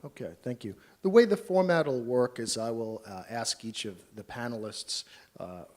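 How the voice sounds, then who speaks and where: An American man moderating a panel at a conference workshop, talking in a relaxed, chatty way with many fillers. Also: medium pitch, moderate pace.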